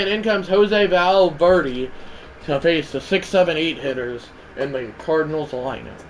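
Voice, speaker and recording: A man with a somewhat high voice calls a baseball video game on a livestream in a casual play-by-play manner. He is chatty, keeps correcting himself, and tosses in side remarks. A faint background hiss sits under his voice. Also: expressive, normal speed.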